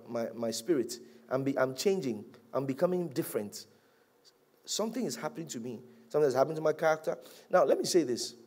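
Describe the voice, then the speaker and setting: A male pastor preaching a sermon, animated, rising to loud peaks and dropping to hushed, drawn-out lines. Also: a little high.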